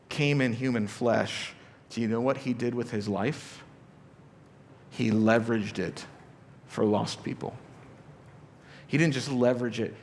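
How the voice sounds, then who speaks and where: A man's voice: medium pitch, slight background noise. Pastor guy preaching loose and chatty, lots of "right?" asides, echoey church hall. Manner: casual, questioning, with many asides and repeated starts. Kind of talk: conversational sermon. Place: church auditorium. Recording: live church hall reverb with soft music.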